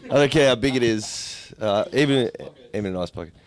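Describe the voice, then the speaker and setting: A man's voice: medium pitch, animated, a little fast. An Australian man in a band, answering interview questions with dry, rambling jokes. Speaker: band member. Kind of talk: casual interview.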